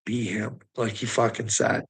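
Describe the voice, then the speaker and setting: A man's voice: fairly low pitch, level tone, normal speed, slightly rough. A man delivering a profane, taunting rant as an online commentator, mocking his listeners with laughs and repeating words for emphasis. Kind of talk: ranting monologue to camera.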